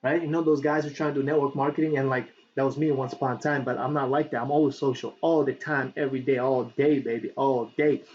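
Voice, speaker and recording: His voice sits at a medium pitch and moves quickly with barely a pause as he walks viewers through affiliate marketing in a casual video. Chatty, repetitive and always asking "right?", he reaches for books with lively energy, captured in muffled lo-fi audio with faint noise behind it.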